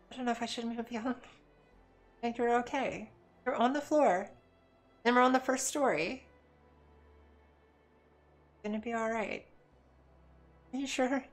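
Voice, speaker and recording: A woman's voice: on the high side, fairly even intonation, normal speed, long pauses, faint music behind. A woman chatting casually while she streams a game, rambling and joking as she plays. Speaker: let's play streamer. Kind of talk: casual chat while gaming.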